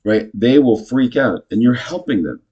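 A man casually teaching improv, chatty and self-correcting, jumping into animated example lines. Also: medium pitch, normal speed, slightly rough, highs cut off.

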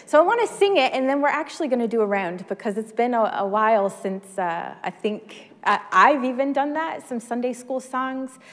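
High-voiced woman preaching in a reverberant church. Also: expressive, normal speed, hardly any pauses. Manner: chatty and self-deprecating, leads congregation in song. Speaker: pastor. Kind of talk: sermon. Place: church sanctuary. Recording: long hall reverb.

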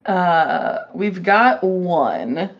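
A woman co-hosting a podcast in casual chat, playful and quick to laugh. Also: lowish voice, big pitch swings, gravelly, dull audio. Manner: laughs easily, unhurried, playful. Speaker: podcast co-host.

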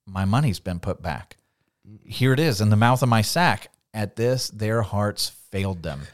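A middle-aged man co-hosting a casual Bible study podcast, animated and laughing often as he acts out the voices of the people in the story. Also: on the low side. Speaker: podcast co-host.

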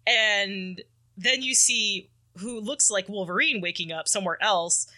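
A woman's voice: mid-range voice, measured pace, pushed and bright. A woman co-hosting a podcast, casually recapping a comic story in a rambling way and acting out the characters' lines. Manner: rambling, filler-heavy, acts out characters' lines. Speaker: podcast co-host.

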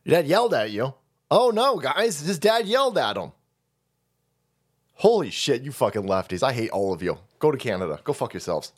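On his political stream, this host goes on a crude rant, ridiculing people and switching into high-pitched mock voices to do it.

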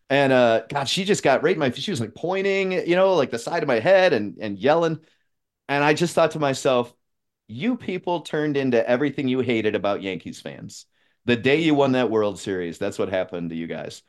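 A man's voice: medium pitch, expressive, moderate pace. A man chatting casually on a podcast, retelling encounters with quoted lines and laughing often. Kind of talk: casual chat.

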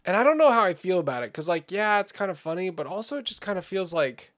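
A man co-hosting a casual podcast, retelling stories in a loose, rambling way and often laughing. His voice sits a little higher than most men's. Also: sing-song, fast, fairly bright tone. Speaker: podcast co-host. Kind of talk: casual chat.

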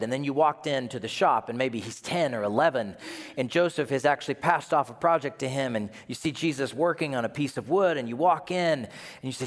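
A male pastor preaching a sermon, swinging from hushed to near-shouting. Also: a little high, a little fast. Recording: long reverb of a large hall.

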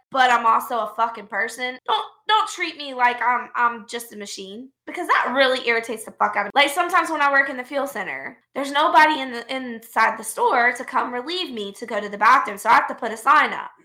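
A woman's voice: high-pitched, animated, a little fast, few pauses, pushed and bright, reverberant. A woman co-hosting a podcast, telling work stories in a blunt, profane, heated way. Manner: blunt and profane, retells arguments with heat. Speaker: podcast co-host. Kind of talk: casual storytelling chat.

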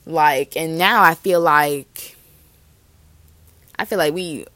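A woman's voice: low-pitched, slow, a bit bright. A young woman in her twenties hosting a casual solo podcast, bubbly and rambling, peppering her talk with "like". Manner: bubbly, rambling, heavy use of "like". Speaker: podcast host.

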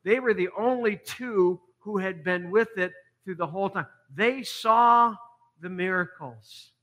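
A middle-aged man preaching a sermon with a high, very bright and forceful voice. He takes his time, drawing out his words, and moves between quiet, hushed lines and sudden emphatic ones as he tells the story. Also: a little slow. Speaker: pastor.

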